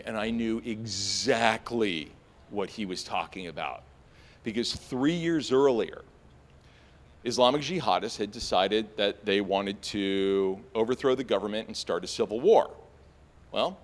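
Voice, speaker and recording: Speaking a little slowly, a young man performs a personal story live on stage. His delivery is casual and energetic, peppered with fillers, and it spikes high each time he imitates his panicked self.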